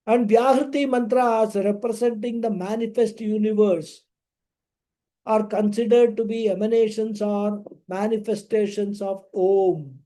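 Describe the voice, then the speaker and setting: A male scripture teacher with a fairly high, very mellow voice. He explains in a slow, measured way, pausing between phrases and chanting Sanskrit verses now and then. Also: steady tone. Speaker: spiritual teacher. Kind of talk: scripture lecture.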